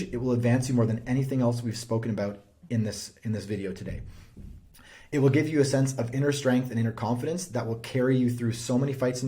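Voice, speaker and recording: A man's voice: mid-range voice, dark tone. A man speaking as a relationship coach, giving earnest, emphatic advice straight to camera. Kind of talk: direct-to-camera advice talk.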